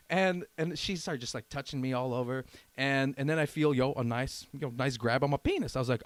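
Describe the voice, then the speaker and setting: A man's voice: medium pitch, fast, few pauses, no room sound. A man in his thirties, a podcast guest, telling a rambling anecdote in casual chat and acting out the other people in it. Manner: animated anecdote-telling, acts out quoted voices.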